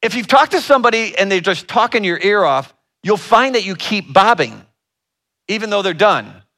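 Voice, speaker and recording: Brief: relationship educator, animated storyteller, high and bright tone. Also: male voice, normal speed. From Northern Ohio. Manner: animated storyteller with asides to the audience. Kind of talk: storytelling talk.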